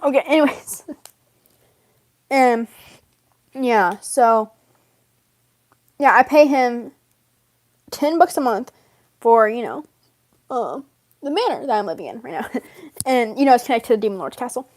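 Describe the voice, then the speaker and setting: A woman's voice: on the high side, lively intonation, a little slow, long pauses, darkish tone. A young woman rambling casually in character, giggling often and filling gaps with ums and you-knows. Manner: giggly, rambling, lots of fillers and laughs. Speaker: vlogger role-playing a game character.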